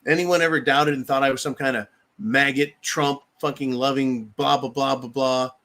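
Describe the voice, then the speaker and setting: A man's voice: mid-range voice, fairly even intonation, moderate pace, fairly bright tone. A man hosting a political livestream, ranting angrily and bluntly with lots of profanity. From United States. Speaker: political commentary host reading viewer comments.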